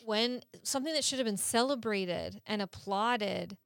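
A woman's voice: mid-range voice, a little slow, no room sound, studio quality. A woman co-hosting a podcast, explaining things earnestly in casual chat, laughing often and cursing now and then. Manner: curses casually.

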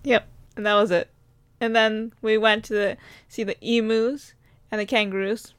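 A young woman recounting a trip in relaxed casual chat, laughing now and then. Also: a little high, normal speed, smooth, no echo, studio quality. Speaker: travel storyteller.

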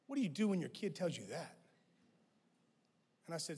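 A man preaching a sermon as guest pastor, who swings from loud emphatic lines to hushed ones. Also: on the high side, very animated, moderate pace, pauses often, husky. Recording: long reverb of a large hall.

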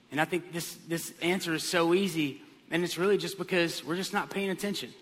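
A pastor with a fairly high voice preaches a sermon at a fairly quick clip, telling animated stories and putting on comic voices. The recording carries a long hall reverb.

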